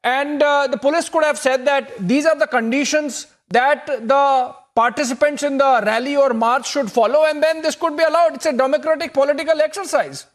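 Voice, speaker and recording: A man anchors a live television debate, his voice sitting unusually high. He presses panelists with questions, often stumbling through hesitant restarts. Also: steady tone, normal speed, few pauses. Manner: interjecting, repeated hesitations. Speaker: news anchor.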